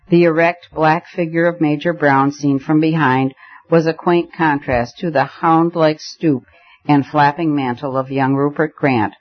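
A man narrating a story aloud in a measured, even storytelling voice. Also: on the high side, lo-fi sound. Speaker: audiobook narrator. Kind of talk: scripted narration.

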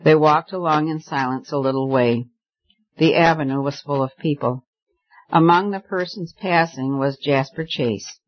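A man narrating a novel in a steady, even reading voice. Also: fairly high pitch, normal speed. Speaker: audiobook narrator. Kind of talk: scripted narration. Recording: slightly dull lo-fi recording.

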